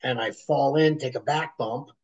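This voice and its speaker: A middle-aged man, a former wrestler, telling animated stories as an interview guest and acting out other people's voices. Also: mid-range voice, normal speed, muffled recording. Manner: animated storyteller who acts out voices. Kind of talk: storytelling interview.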